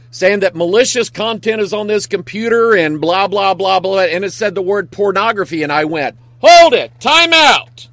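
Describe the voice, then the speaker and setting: A man's voice: high voice, no room sound. A man, a pastor, hosting a talk show in a casual, earnest monologue that rambles and grows emphatic.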